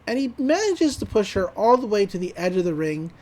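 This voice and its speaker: A man's voice: sits high, big pitch swings, fairly quick, few pauses, a little hiss or hum. A man on a podcast casually recapping an anime episode, rambling with fillers and the odd laugh. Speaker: podcast co-host.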